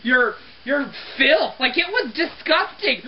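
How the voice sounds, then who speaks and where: High, animated young woman ranting. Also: a little slow, few pauses. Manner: exasperated ranting, keeps apologizing. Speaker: restroom cleaner. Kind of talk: comedic rant to camera. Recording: dull lo-fi webcam audio.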